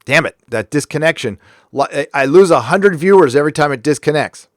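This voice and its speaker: A man's voice: on the high side, animated, fairly quick, no room sound, clean studio sound. A man hosting a live stream, giving blunt, profane, angry commentary with lots of restarts. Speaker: livestream host.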